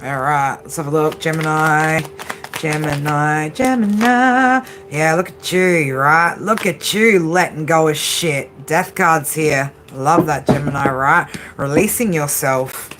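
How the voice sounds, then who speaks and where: A woman with a fairly low voice gives a casual, tired late-night tarot reading. She talks loosely, swears without a second thought and keeps checking in with "right?". A steady hiss of noise sits under the recording. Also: measured pace. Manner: chatty, swears freely, ends phrases with "right?". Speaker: tarot reader.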